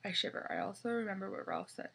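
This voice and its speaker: Lady reading a kids book out loud, gravelly husky voice, casual, fixes her slips. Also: medium pitch, wildly swooping pitch, fast talker. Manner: casual, stumbles and corrects herself. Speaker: reader. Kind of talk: reading a children's book aloud.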